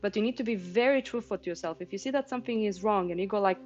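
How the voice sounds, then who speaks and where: A woman's voice: medium pitch, racing, a little mellow. A woman in her thirties teaching drawing on a casual livestream, chatty and explanatory, talking to viewers in the chat. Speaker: art teacher streaming a painting session. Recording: slightly muffled stream with faint music.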